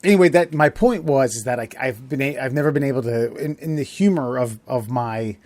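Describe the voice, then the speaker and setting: Guy hosting a podcast, rambly and sweary, laughs a lot, mid pitch, dry sound. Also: a little fast, darkish tone, no echo. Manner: rambling, profane, laughs often. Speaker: podcast host. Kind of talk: casual podcast chat.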